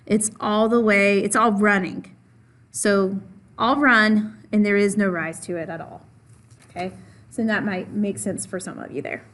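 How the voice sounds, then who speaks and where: A woman's voice: fairly high pitch, fairly bright tone. Patient woman teaching a math lesson. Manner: patient, repeats and stresses key points; asks questions of the class and answers them herself. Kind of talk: classroom lesson.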